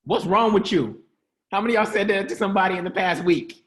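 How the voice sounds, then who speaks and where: Hosting a lively motivational teaching session online in a church style, a man talks fast in a high-sitting, fairly bright voice. He stays casual and slangy, joking, laughing often and quizzing his listeners.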